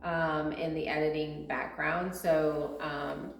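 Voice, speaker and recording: A woman's voice: sits low, flat delivery, slow, gravelly. A woman co-hosting a farm vlog Q&A, chatting casually and explaining things at length with lots of fillers. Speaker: farm vlog co-host and video editor. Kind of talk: casual Q&A chat. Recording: roomy echo.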